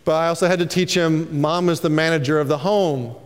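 Animated male pastor, high voice, preaching in a reverberant sanctuary. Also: a little fast, clean tone. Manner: animated, preachy, calls for amens. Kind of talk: sermon.

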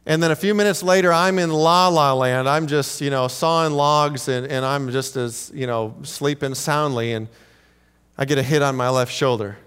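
A man's voice: medium pitch, fairly even intonation, moderate pace, fairly bright tone, smooth. A man preaching a sermon as a pastor in a church sanctuary, telling humorous stories with animation and acting out the lines he quotes. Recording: long reverb of a large hall.

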